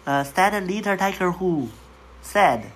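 A woman reading a picture book with a child, saying each word slowly and patiently so the child can repeat it. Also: on the low side. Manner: slow, patient, models each word for repetition. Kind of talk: bilingual storybook reading lesson, call and repeat.

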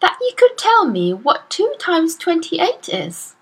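Woman reading as a gentle schoolteacher. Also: very high-pitched, huge pitch swings, voice pushed up, exaggerated voice. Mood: encouraging. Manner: encouraging, measured. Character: kind young woman schoolteacher, gentle but astonished. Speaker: teacher. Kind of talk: storybook reading.

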